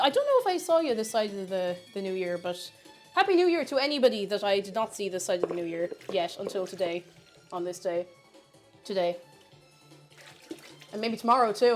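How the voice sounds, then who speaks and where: Bubbly high woman streamer. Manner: bubbly, chatty, reads chat aloud. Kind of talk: casual livestream chat while baking.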